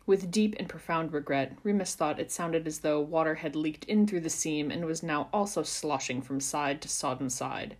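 A woman reading a fan fiction chapter aloud for a podcast in a measured, expressive storytelling manner. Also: sits low. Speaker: podcast reader.

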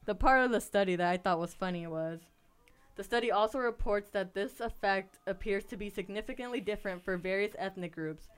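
A woman's voice: medium pitch, a little fast, clear, resonant tone. A young woman co-hosting a casual podcast chat, telling stories animatedly and laughing often. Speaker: podcast co-host.

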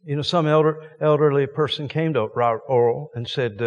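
A man's voice: fairly high pitch, fairly even intonation, brisk, in a large hall, muffled recording. A man preaching a sermon as a visiting preacher, folksy and joking with emphatic points.

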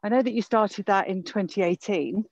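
A woman's voice: medium pitch, normal speed, a little mellow, dry recording. A woman hosting an interview while walking in a park, out of breath and chatty. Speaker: podcast host. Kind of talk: casual interview. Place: outdoor park. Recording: dull lo-fi recording.

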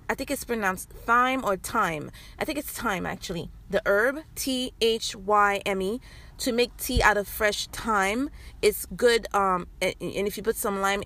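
A woman hosts her podcast in a loose, chatty way, wandering through her points with fillers and restarts. Her voice sits at an ordinary middle pitch. She is recorded inside a vehicle, with its sound faintly behind her. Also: a bit bright. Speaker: podcast host. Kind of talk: casual health talk.

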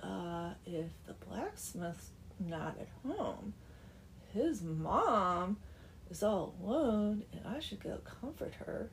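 A woman voicing a sneaky village man who schemes and flies into shrill rages in a retold folk tale. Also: very animated, slow, slight background noise. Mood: scheming. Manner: shrill outrage when crossed.

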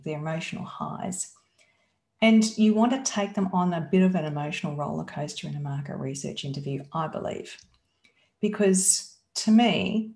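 A woman's voice: on the low side, a little mellow. A woman, teaching as a business coach in an emphatic, coaxing way and asking rhetorical questions. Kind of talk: teaching talk. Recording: roomy echo.

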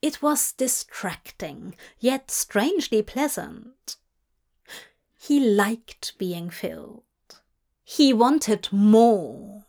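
A woman narrating a fan story in a slow, measured reading voice. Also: medium pitch, expressive. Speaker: audiobook reader. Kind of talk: scripted narration.

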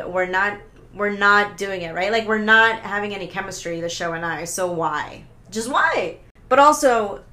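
A woman hosting a solo podcast, talking in an excitable, rambling way, swearing often, stopping herself and restarting, pacing as she talks. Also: mid-range voice. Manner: paces around while talking. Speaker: podcast host. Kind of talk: casual solo podcast rant.

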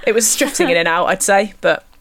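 A woman hosting a podcast in casual chat, self-deprecating and quick to laugh. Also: mid-range voice, animated. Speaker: podcast host.

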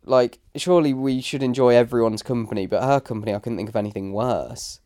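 A man's voice: medium pitch, a little fast. A man co-hosting a podcast, chatting casually and acting out voices in his stories. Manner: animated storytelling, acts out quoted voices. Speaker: podcast co-host. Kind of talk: casual chat.

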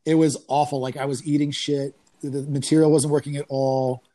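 A man rattles off comedy-tour stories at a fairly quick clip in a casual podcast chat, swearing and laughing throughout. When he acts out what people said, his pitch jumps higher.

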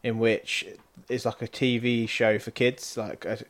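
A man's voice: mid-range voice, level tone, measured pace. Laid-back young British man telling stories. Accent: British English. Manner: laid-back, storytelling, laughs at own bad accents. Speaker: podcast co-host. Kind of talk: casual chat. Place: flat, indoors.

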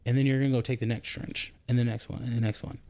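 A man in his thirties chatting on a podcast about army life. He tells his story with animation, and his pitch jumps when he turns indignant. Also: flat delivery, fast talker, dark tone. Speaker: podcast co-host, army soldier. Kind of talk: casual podcast chat.

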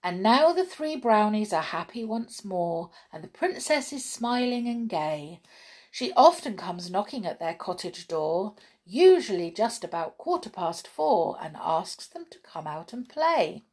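A woman reading a children's fairy tale aloud in a gentle, expressive storytelling manner. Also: medium pitch, a little slow. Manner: gentle, expressive reading with lively dialogue voices.

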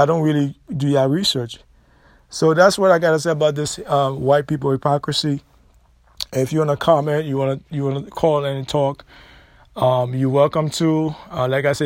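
Man, blunt, rambling monologue, fairly high voice, dry recording. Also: dry recording. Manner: rambling, blunt, with restarts and repeats. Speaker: podcast host. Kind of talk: casual monologue to listeners.

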